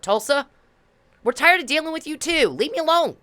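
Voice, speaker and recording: A woman's voice: sits high, expressive, quick pace, sharp tone, smooth. A woman delivering an angry, confrontational monologue, repeating herself and swearing as she berates the police. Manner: confrontational, repetitive, profane. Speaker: vlogger addressing police.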